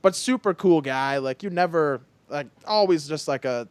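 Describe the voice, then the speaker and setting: A young adult man hosting a podcast, telling stories in a casual, animated way with lots of "like". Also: a little high, normal speed, clean tone, no echo. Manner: animated storyteller, heavy use of "like". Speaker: podcast host. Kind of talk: casual chat.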